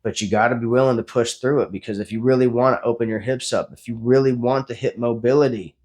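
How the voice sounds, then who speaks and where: A man's voice: medium pitch, fairly even intonation, fast, darkish tone. Blunt, cussing man in his forties. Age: 40s. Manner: blunt, profane, pep-talk delivery. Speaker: fitness vlogger. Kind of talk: post-workout motivational talk.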